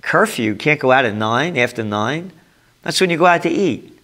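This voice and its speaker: A man's voice: mid-range voice, animated, normal speed, bright, forceful tone. An older man with a New York accent, giving a ranting commentary with sarcastic, emphatic delivery. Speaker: trend forecaster.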